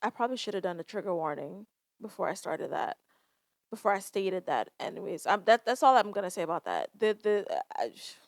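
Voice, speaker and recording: A woman's voice: medium pitch, very animated, a little fast, creaky, no room sound, studio quality. A young woman hosting a solo podcast, talking candidly and emotionally with frequent sighs and swearing. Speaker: podcast host. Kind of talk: casual solo podcast talk.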